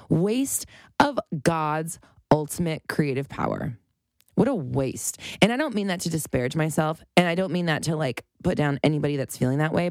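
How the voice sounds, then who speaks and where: A woman's voice: low-pitched, darkish tone, dry recording, studio quality. A woman around forty gives an unscripted motivational monologue as a life coach, emphatic and profane, often breaking into laughter.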